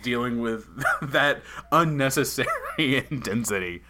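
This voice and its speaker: Laughing, animated male podcast host. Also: mid-range voice, measured pace. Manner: animated storyteller, laughs often. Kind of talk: casual interview chat.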